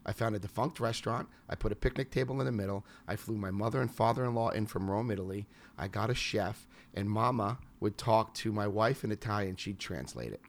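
A man from New York, an investor and business consultant, telling animated anecdotes in an interview. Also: on the low side, a little fast, hardly any pauses. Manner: animated anecdotes with quoted voices. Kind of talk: storytelling interview answers.

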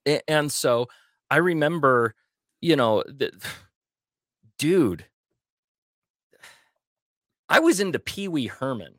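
A man in his forties hosts the podcast in a lively, swooping voice, joking and stumbling over his words. The sound is close and dry, with no room around it. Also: on the high side, takes it slowly, pauses often, no echo. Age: 40s. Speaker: podcast host. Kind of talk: conversational interview.

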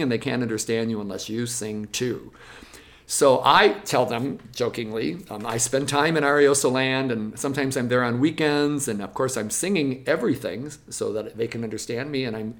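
Lively music teacher explaining methods. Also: medium pitch, a little fast. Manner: lively, switches into acted classroom voices. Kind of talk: explanatory interview talk.

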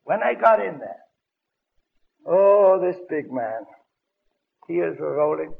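An older man preaching a sermon on a radio broadcast, telling stories dramatically with sudden loud bursts, on a dull lo-fi old recording. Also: on the high side, very animated, slow, gravelly. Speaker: evangelist preacher.

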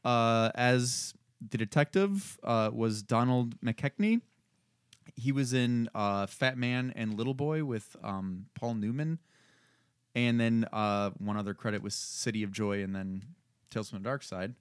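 A man's voice: medium pitch, unhurried, clear, resonant tone, no room sound. Guy on a podcast reading credits, lots of ums, dry close mic. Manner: reads credits and synopses with fillers. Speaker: podcast co-host. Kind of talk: casual chat.

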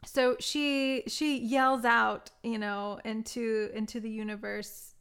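A woman's voice: fairly high pitch, fairly even intonation, slow pace, fairly bright tone, smooth. A woman co-hosting a casual film review chat, gushing as she retells favorite scenes. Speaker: podcast co-host.

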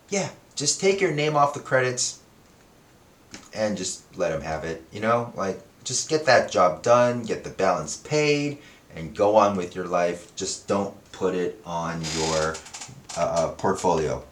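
Rambling, lively-voiced man in an echoey room. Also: on the low side. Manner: rambling, swears freely, self-correcting. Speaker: podcast host. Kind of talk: casual podcast monologue.

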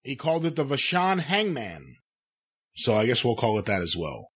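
A man's voice: mid-range voice, normal speed, breathy edge. A man co-hosting a casual podcast, reviewing old matches and reading out the show's plugs. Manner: relaxed, wraps up with plugs. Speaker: podcast co-host.

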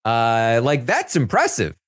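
A man's voice: mid-range voice, a little slow, no room sound, clean studio sound. A man giving a casual, sarcastic recap of a reality show as a podcast correspondent. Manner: animated, sarcastic storytelling.

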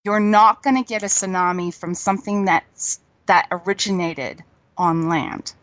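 A woman's voice: on the low side, measured pace, fairly bright tone, no echo. Chatty New woman, dry sound. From New Zealand. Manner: chatty, laughs easily, storytelling. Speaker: guest. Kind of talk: casual chat.

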